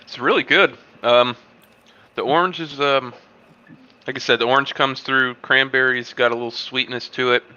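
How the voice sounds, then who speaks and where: A man hosting a casual online tasting show, describing a beer and a cheese in a relaxed, rambling way with plenty of fillers. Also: mid-range voice, normal speed, smooth, highs cut off. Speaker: host reviewing beer and cheese. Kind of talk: casual tasting review on a video call. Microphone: video call.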